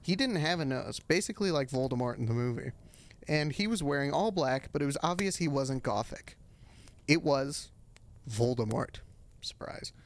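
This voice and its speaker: A man streaming, reading a story aloud with wry, deadpan asides for comedy. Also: on the high side, fairly quick.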